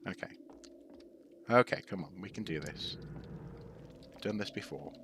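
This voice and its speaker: A man's voice: deep voice, measured pace. A man streaming a video game, chatting in a rambling, self-correcting way as he plays. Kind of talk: gameplay commentary and chat. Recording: steady background noise.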